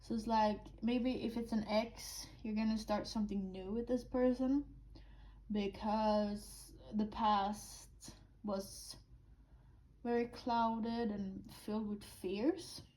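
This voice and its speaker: A woman's voice: medium pitch, fairly even intonation, takes it slowly, dark tone, low-quality recording. A woman giving a casual intuitive oracle card reading, rambling and blunt, swearing now and then.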